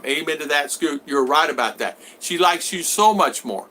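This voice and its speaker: A man's voice: on the high side, lively intonation, normal speed, bright, forceful tone, a little hiss or hum. A man hosting a casual livestream from home, reading viewer comments aloud and answering them in a rambling way, with many restarts. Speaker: vlogger reading live chat.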